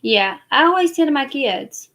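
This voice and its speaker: A woman's voice: high voice, lively intonation, unhurried, a bit bright. A woman, chatting casually and defensively to her live stream viewers. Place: parked car at night.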